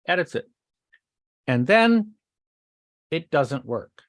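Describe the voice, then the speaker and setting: Chatty man with a higher voice, rambling. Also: big pitch swings, slow pace. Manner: rambling, restarts and interrupts. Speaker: podcast co-host. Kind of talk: casual chat.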